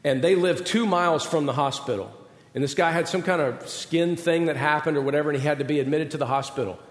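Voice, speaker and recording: Here the middle-aged pastor's voice is fairly high and his pace quick as he preaches conversationally, poking fun at himself through personal stories. The audience fills a large hall whose long reverb colors the recording.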